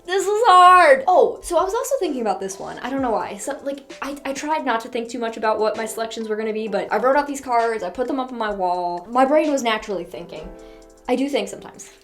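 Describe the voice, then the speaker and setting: A woman hosting her own channel, chatting excitedly and rambling as she ranks songs, often gushing and squealing. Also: fairly high pitch, faint music behind. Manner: gushing, rambling, quick mood swings into squeals. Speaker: reaction channel host. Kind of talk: excited casual chat ranking songs.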